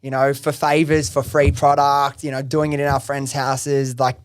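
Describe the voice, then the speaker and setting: Excitable man telling a story, dry mic. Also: medium pitch, moderate pace, no room sound. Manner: excitable, swears freely, heavy use of "like" and "bro". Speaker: podcast host telling his founder story. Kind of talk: casual storytelling interview.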